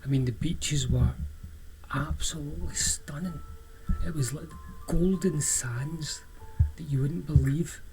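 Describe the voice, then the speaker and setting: A man with a Scottish accent telling a personal story in a relaxed, chatty way, often restarting and drawing out words. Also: a little high, takes it slowly, over music, low-quality recording. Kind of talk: casual spoken storytelling.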